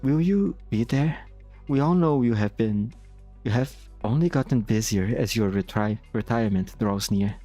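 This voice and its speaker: A man voicing a stern, formal older male church official, speaking gravely and in measured phrases. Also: mid-range voice, warm tone, faint music behind, natural voice. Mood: cordial. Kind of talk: amateur reading of game dialogue.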